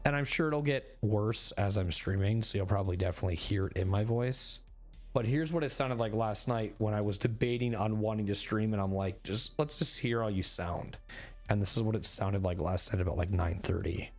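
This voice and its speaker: Hoarse rambling male streamer. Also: on the low side, faint music behind. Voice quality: raspy. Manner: rambling, filler-heavy, halting. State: hoarse, recovering voice. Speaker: game streamer. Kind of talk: casual chat to stream viewers. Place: bedroom at home.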